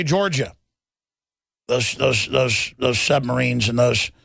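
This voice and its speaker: Gravelly, heated male talk radio host. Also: on the high side, fairly bright tone, no echo. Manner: heated, rambling, repeats words when agitated. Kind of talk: talk radio monologue reading headlines.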